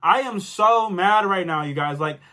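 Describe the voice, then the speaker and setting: Young man, high-voiced and angry. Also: moderate pace, sharp tone. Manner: angry, exasperated, loose slang, repeats himself. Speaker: vlogger. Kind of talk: storytime vlog rant.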